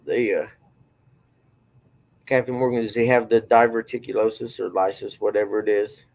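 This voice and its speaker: A middle-aged man, talking in a gravelly, somewhat low voice. He rambles through folksy personal stories in a loose, drawling way, trailing off and circling back as he goes. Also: steady tone, moderate pace, darkish tone, low-quality recording. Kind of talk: casual storytelling chat.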